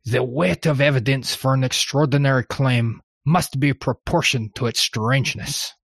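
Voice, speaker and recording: A man's voice: medium pitch, moderate pace, gravelly, fairly bright tone, husky, dry recording, clean studio sound. A man doing an exaggerated French-accented mathematician. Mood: declaiming. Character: pompous 18th-century French male mathematician.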